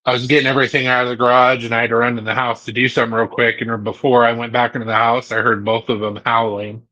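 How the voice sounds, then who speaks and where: A man's voice: medium pitch, flat delivery, fast, pushed and bright, dry recording, muffled recording. A man making knives in a garage workshop, chatting casually with his co-host while he works. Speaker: knifemaker streamer. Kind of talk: casual chat while working.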